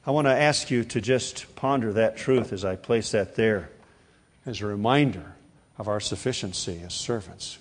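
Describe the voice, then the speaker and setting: An older man preaching a sermon to a congregation, emphatic and animated, calling on listeners to repeat phrases after him. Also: lowish voice, moderate pace, husky. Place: before a live congregation.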